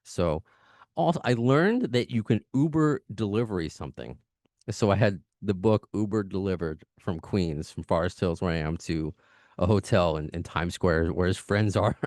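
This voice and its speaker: A man hosting a podcast, talking fast and chatty, laughing now and then, his voice still mending after an illness. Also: sits low, a little mellow, no echo, studio quality. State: recovering from lost voice. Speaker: podcast host. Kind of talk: casual podcast chat.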